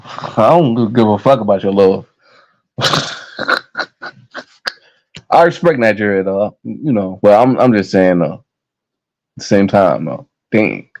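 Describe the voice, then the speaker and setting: A man's voice: fairly low pitch, lively intonation, slow, pauses often, low-quality recording. A young American man ranting to camera in a heated, profane, repetitive way. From United States. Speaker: vlogger. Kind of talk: casual rant to camera.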